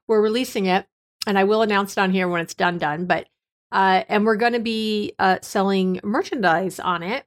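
Chatty, bubbly woman podcaster, a little hoarse. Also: medium pitch, moderate pace. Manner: chatty, bubbly, laughs easily. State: slightly hoarse. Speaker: psychologist and podcast host. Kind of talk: casual podcast chat. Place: her office.

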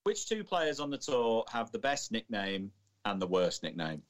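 A man's voice: fairly low pitch, sing-song, moderate pace. A man co-hosting a podcast, teasing his partner and telling rambling anecdotes with frequent restarts. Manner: rambling, teasing, restarts while recalling details. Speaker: podcast co-host.

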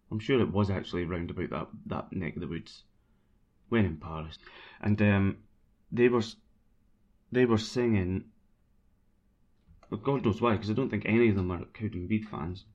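A man with a low, muffled voice rambles in a dull lo-fi recording. Chatting casually about football, he pokes fun at himself and bursts into sung chants.

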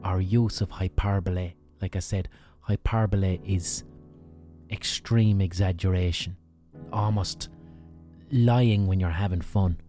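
An Irish man with a deep, mellow voice telling an old legend in a relaxed podcast monologue. He swears freely and leans hard on emphasis. Faint music plays behind him. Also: measured pace. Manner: profane, emphatic, relishes hyperbole. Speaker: podcast storyteller. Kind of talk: casual storytelling monologue.

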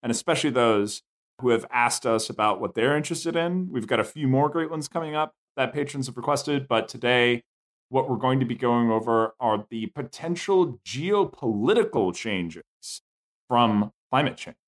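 A man co-hosting a podcast in an easy conversational way, with a middle-pitched voice. He slips dry, joking asides into the chat. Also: moderate pace. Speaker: podcast co-host.

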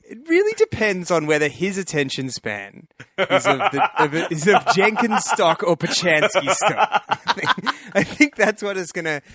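A man's voice: high-pitched, moderate pace, no echo, clean studio sound. A man, co-hosting a casual comedy chat and telling stories with a lot of laughter. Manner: animated storytelling, laughing often. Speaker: podcast co-host.

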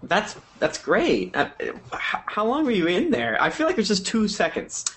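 Animated, laughing player at the table. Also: mid-range voice, normal speed. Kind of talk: casual tabletop game chat.

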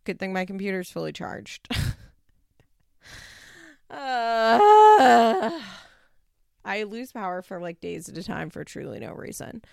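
Her voice is lowish and fairly quick, with strong vocal fry closing her phrases, as she recaps a reality show on her home podcast. The chat is loose and chatty, peppered with "like," laughter and some swearing, in a dry, close recording with no room sound.

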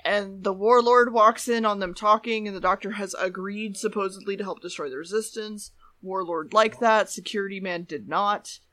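A man casually rambling through an episode plot summary as a podcast co-host, his phrases trailing off low. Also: fairly even intonation, moderate pace, hardly any pauses, bright, forceful tone, no echo. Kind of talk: casual recap chat.

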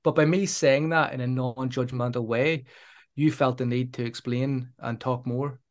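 A man who works as a sport psychology trainer and therapist, explaining his methods in a calm, deliberate way and reflecting the other person's words back to him. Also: mid-range voice. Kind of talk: measured explanatory interview talk.

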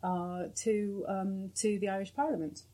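A female podcast co-host speaking at a middle pitch with a breathy, husky grain. Her contributions are brisk and sardonic. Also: fairly even intonation, mellow. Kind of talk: casual political chat.

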